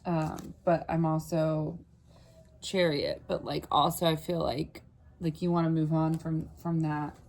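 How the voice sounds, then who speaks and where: Speaking at a measured pace in a low, level, darkish voice, a woman gives a casual tarot reading directly to the viewer. It's earnest and rambling, full of fillers and restarts, and her voice catches briefly when she gets emotional.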